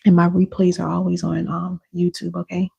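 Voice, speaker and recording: A woman coaching viewers live, her low, mellow voice gravelly and husky. She talks to her audience casually, then slows right down to lead affirmations and breathing. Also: monotone, muffled recording. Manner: guides listeners through slow affirmations and breathing. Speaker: inner healing coach. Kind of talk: live-stream coaching session.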